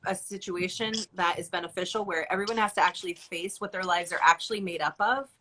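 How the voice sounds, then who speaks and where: A woman hosting a casual online chat, talking in an animated way, swearing and laughing now and then. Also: on the low side, quick pace. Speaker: host.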